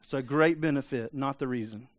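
A man's voice: medium pitch, fairly quick, no echo. A man preaching a sermon in a conversational way, often asking the congregation for an amen. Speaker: pastor.

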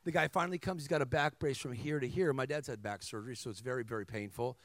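A man preaching a sermon as a guest speaker, telling stories energetically with humor, asides to the crowd and emphatic shouts. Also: mid-range voice, fast, no echo. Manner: energetic storytelling with humor and call-and-response asides; emphatic, rising to shouts at climaxes.

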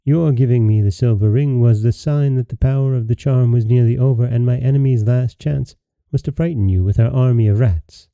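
A man voicing a gracious, motherly fairy queen in a storybook reading, soft and stately, on a dry, dull lo-fi recording. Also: medium pitch, a little fast, vocal fry, few pauses, no room sound, natural voice.

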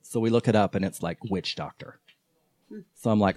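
A man's voice: on the low side, a little fast, dry recording. A man on a podcast telling a long personal story about a strange night, acting out the voices of the people in it. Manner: animated, acts out quoted voices. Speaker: podcast guest. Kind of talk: casual storytelling.

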